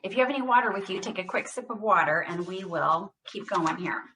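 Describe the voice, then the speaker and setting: A woman speech therapist leading a guided voice exercise class over a computer mic. She speaks deliberately, stresses every word and projects loudly when she models phrases. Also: medium pitch, slight background noise. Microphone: computer mic on a video call.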